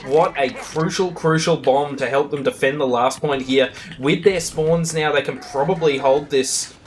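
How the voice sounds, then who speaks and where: A man giving relaxed, slangy colour commentary on a live esports match. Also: a little high, moderate pace, slight background noise. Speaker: esports co-caster.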